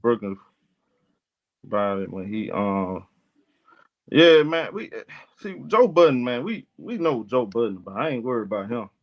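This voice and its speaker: A man's voice: medium pitch, very animated, a little slow, pauses often. A man hosting a casual livestream chat, talking back at his viewers in a combative, profane way. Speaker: livestream host. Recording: muffled lo-fi stream audio.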